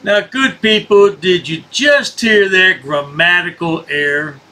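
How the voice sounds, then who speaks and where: Male commentary host, high bright voice, slow sarcastic taunting delivery. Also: slight background noise. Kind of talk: mocking commentary over clips.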